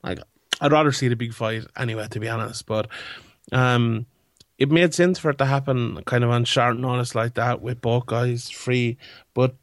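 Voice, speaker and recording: A young man hosts a casual sports podcast chat, rambling through his points with plenty of fillers and self-restarts. His voice sits at an ordinary middle pitch for a man. The sound is close and dry on a podcast mic. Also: steady tone, moderate pace, no echo. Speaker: podcast host.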